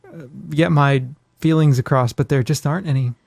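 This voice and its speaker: A man's voice: a little high, fairly even intonation, normal speed, creaky, darkish tone, no room sound, clean studio sound. A man hosting a podcast, chatting in a laid-back, wry, agreeable way. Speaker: podcast host. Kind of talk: casual chat.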